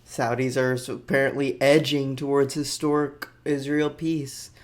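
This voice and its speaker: A male podcast host who reads out headlines and riffs on each one with offhand jokes. His delivery is loose and rambling, and his voice sits in an ordinary middle pitch. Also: level tone, unhurried. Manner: jokey, rambling, offhand asides. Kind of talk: casual comedic news commentary.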